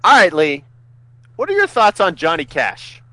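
A man's voice: high voice, wildly swooping pitch, moderate pace, bright, forceful tone, no room sound. A man co-hosting a podcast, chatting casually, laughing often and setting up clips for the others. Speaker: podcast co-host. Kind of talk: casual chat.

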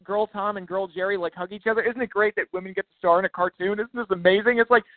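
Sarcastic high-voiced man, tinny and dry. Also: steady tone, fast talker, dry recording. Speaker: podcast co-host. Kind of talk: casual chat. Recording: dry, tinny phone-like line.

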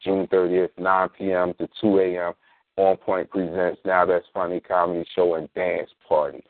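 A man hosting a casual talk radio show, plugging events in a relaxed, slangy way. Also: sits low, no echo. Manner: laid-back slangy promos, spells things out slowly. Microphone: sits in a squeaky reclining chair. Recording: dry tinny phone-like line.

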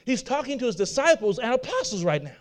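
Man preaching, high voice, repeats himself, rhetorical questions. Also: sing-song, quick pace. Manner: repetitive, asks the audience rhetorical questions. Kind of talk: sermon.

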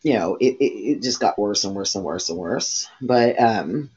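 A woman's voice: a bass voice, expressive, moderate pace, darkish tone, breathy edge. A woman co-hosting a podcast in casual chat, rambling and swearing freely, with lots of fillers. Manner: rambling, profane, many fillers. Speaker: podcast co-host. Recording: dull lo-fi recording.

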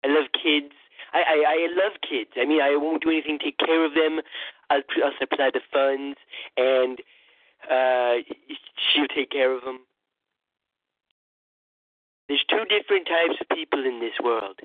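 A man's voice: on the high side, unhurried, pauses often, dry recording. A man putting on a boastful, rambling old male politician parody in a comedic impression monologue, stammering and repeating himself. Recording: tinny phone-like dry sound.

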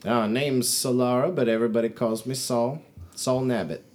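A man voicing a gruff, folksy woman caravan trader who drawls and grumbles. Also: mid-range voice, steady tone, normal speed, darkish tone, voice pushed up, lightly acted.

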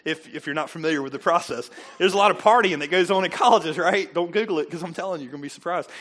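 A man's voice: on the high side, quick pace, fairly bright tone. A middle-aged male pastor preaching a casual, conversational sermon, joking with the congregation and acting out quoted voices. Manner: chatty, joking asides, acts out quoted voices.

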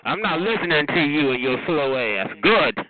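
A sassy, cutting man with a fairly high voice hosts a call-in show and roasts a caller, calling everyone honey and child. His voice comes through a thin, tinny phone line, with a clear crowd murmur behind him. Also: very animated, moderate pace.

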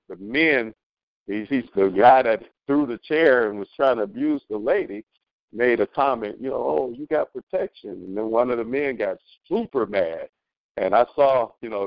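A middle-aged man on a community call, telling a story as a testimony, animated, with many restarts. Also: mid-range voice, dry recording, dull audio. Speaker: caller sharing a testimony. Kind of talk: casual spoken testimony.

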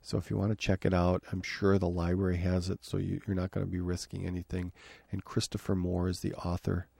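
A man's voice: low voice, completely flat delivery, brisk, vocal fry, warm tone, breathy edge, no echo. A man hosting a podcast from his home office, chatting casually with frequent fillers and restarts. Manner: rambling, many fillers and restarts. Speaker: podcast host. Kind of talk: casual review talk.

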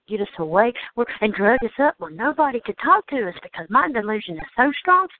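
A woman from Georgia with a Southern accent, delivering an indignant, sarcastic rant and swearing freely. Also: mid-range voice. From Georgia, United States. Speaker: host of a call-in show. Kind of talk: angry monologue. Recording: tinny phone line.

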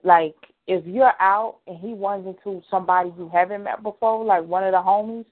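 Woman co-host, mid-pitched, emphatic and direct, thin phone-like audio. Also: steady tone, a little fast, a little hiss or hum. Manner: emphatic, addresses listeners directly. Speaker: radio show co-host. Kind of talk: casual chat. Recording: tinny phone-like sound.

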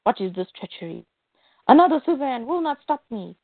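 A woman's voice: high voice, big pitch swings, a little fast, breathy edge, dry recording, full character voice. A woman voicing an arrogant, mind-controlled young male superhero, cold and boastful. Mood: menacing. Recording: tinny phone-like dry sound.

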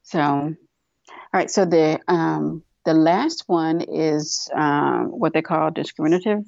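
A woman's voice: low-pitched, slow pace, creaky, darkish tone, dry recording, muffled recording. A woman co-hosting a casual podcast discussion, chatty with many fillers, acting out quoted voices as she explains. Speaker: podcast co-host.

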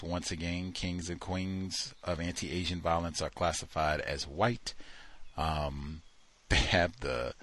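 A man's voice: sits low, a bit bright. A man hosting a talk show, giving incredulous, mocking commentary and acting out the people he quotes. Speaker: host.

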